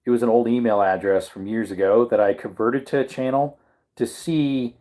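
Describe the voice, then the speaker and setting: A tired man hosts a casual livestream and talks loosely to his viewers. He rambles, stops, and corrects himself as he goes, with a yawning, low-energy manner. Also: normal speed. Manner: rambling, self-correcting, relaxed. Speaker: livestream host.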